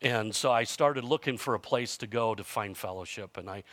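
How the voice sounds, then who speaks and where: A man's voice: fairly low pitch, normal speed, fairly bright tone, no echo. A man in his fifties preaching a sermon in a conversational storytelling way, with self-mocking humor and frequent restarts. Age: 50s. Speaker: pastor.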